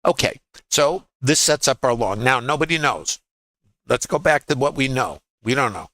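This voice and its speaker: Recorded dry on a laptop, a man with a New York Brooklyn accent teaches trading on a livestream. His medium-pitched voice is expressive, pushed and bright at a normal speed, and he keeps things folksy with quips and rhetorical questions.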